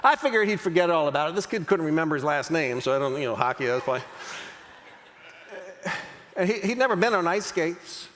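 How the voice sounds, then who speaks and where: A man's voice: on the high side, fairly quick, pauses often. A middle-aged man giving a motivational keynote speech, telling a story and acting out the lines of each person in it. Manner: animated, acts out dialogue in character. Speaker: keynote speaker. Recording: long reverb of a large hall.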